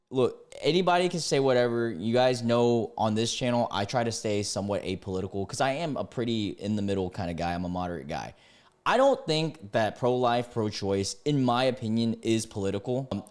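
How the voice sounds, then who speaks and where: A man in his twenties reads online posts aloud and reacts to them with excitable rants. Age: 20s. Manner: excitable, ranting, sudden jumps in pitch. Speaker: YouTuber reading Reddit posts.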